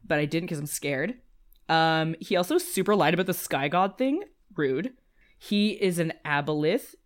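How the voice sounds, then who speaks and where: Woman recapping a tabletop game, low-ish voice, rambling, swears a lot. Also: lively intonation. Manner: swearing, rambling, quick asides. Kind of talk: casual recap chat.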